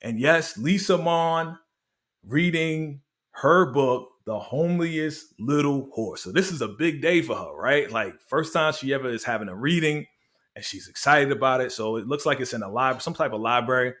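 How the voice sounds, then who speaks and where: Guy doing a chill slangy tv recap, animated storyteller, mid voice, laughs a lot. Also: mid-range voice, moderate pace. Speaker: show recap host. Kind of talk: casual review chat.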